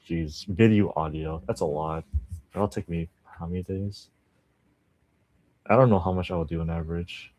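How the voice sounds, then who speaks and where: A man's voice: low voice, a little mellow. A man livestreaming his language study, chatting casually with viewers, rambling and laughing often. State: just woke up.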